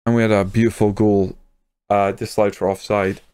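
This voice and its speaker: A man's voice: fairly low pitch, fairly quick, clean tone, dry recording, clean studio sound. A young man, casually commenting on his own football management game and getting worked up over goals. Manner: excitable, swears when a goal goes in. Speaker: gaming YouTuber.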